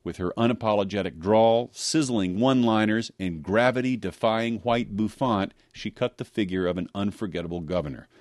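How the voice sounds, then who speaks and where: A man reporting for radio news, narrating a scripted story in a measured, expressive delivery. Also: fairly low pitch, no room sound, studio quality. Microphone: close studio mic.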